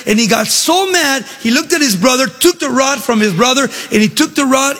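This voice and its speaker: Man, preacher, sermon, animated sing-song delivery, high voice, long hall reverb. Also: moderate pace, hardly any pauses. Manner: animated, sing-song emphasis, dramatic storytelling.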